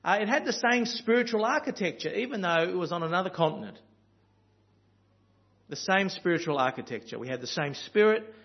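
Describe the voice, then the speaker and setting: A man's voice: sits high, expressive, fairly quick, lo-fi sound. A man from Australia with an Australian accent, preaching a sermon in an earnest, storytelling way with frequent ums and uhs.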